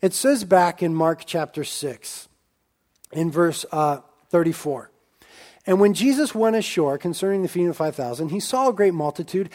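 A man's voice: high voice, darkish tone. A man preaching a sermon, talking conversationally and acting out the quoted disciples.

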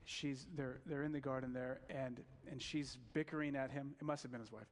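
A man's voice: mid-range voice, a little fast, big-room sound. Man preaching through a film story. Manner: animated storytelling with fillers. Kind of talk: sermon retelling a film.

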